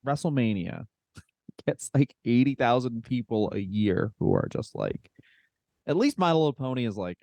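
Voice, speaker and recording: A man's voice: medium pitch, lively intonation, normal speed, gravelly, darkish tone, no room sound. A man co-hosting a casual comedy podcast, explaining history with wry jokes and laughter. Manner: laughing, wry storytelling with swearing. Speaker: podcast co-host.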